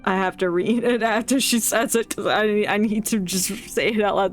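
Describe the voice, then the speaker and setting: A woman's voice: mid-range voice, moderate pace, hardly any pauses, faint music behind. A woman streamer who reads game text aloud in a playful, joking way, laughing and stumbling over words.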